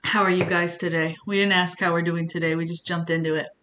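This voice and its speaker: A woman's voice: fairly low pitch, level tone, quick pace, fairly bright tone, a little hiss or hum. A woman streamer chatting casually on a live stream, rambling with many restarts and sounding earnest and emotional.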